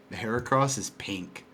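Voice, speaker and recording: A man in his twenties on a casual podcast with friends, an animated storyteller who laughs while sharing trivia. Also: lowish voice, slight background noise. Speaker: podcast co-host. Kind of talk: casual chat among friends.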